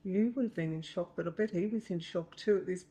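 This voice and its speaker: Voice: medium pitch, brisk, mellow. An interviewer in a casual chat, reacting with short questions and the occasional laugh.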